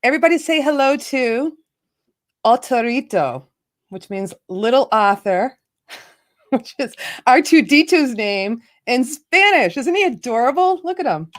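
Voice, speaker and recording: A woman's voice: high voice, animated, unhurried. A woman hosting a casual livestream, greeting viewers by name and laughing often. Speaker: livestream host. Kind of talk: casual live chat.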